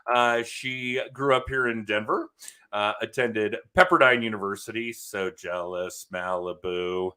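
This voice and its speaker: A man's voice: fairly low pitch, steady tone, a little slow, sharp tone, clean tone. A man hosting a podcast over a video call, talking in a loose, jokey, chatty way and laughing often. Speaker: podcast host and sales coach. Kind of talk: casual chat.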